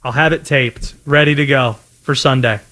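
A man hosting a sports talk radio show, taking calls and tossing out quick opinions with lively asides. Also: mid-range voice.

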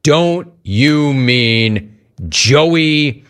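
A man's voice: on the high side, animated, extremely slow, fairly bright tone, clear, resonant tone. A man hosting a sports talk show, mocking fans with rhetorical questions and laughing as he reads chat messages.

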